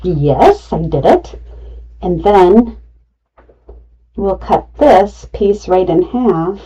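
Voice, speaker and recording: A woman's voice: fairly low pitch, very animated, very slow, dark tone, slightly rough, recorded from a distance, lo-fi sound. A middle-aged woman running a live craft tutorial, chatty and talking herself through each cut. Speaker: craft demonstrator.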